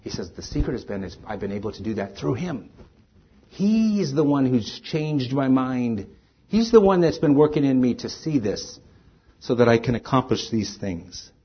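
A male pastor preaching a sermon in a husky, slightly breathy voice, earnest and shifting between emphatic stresses and hushed lines. His pitch sits in a middle range for a man. The recording is dull and lo-fi. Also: very animated, normal speed. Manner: earnest, rising to emphatic stresses then dropping soft.

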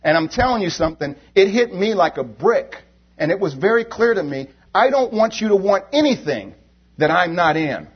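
A man preaching a sermon with emphatic, repetitive phrasing, swinging between loud and quiet. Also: high-pitched, very animated, moderate pace, husky, dull audio. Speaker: lay preacher.

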